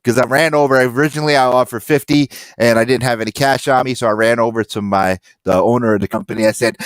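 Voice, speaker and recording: Animated male comic-collector storyteller. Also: mid-range voice, fast, hardly any pauses, dry recording. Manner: animated storyteller acting out quoted people. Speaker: podcast co-host and comic collector. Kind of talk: casual chat.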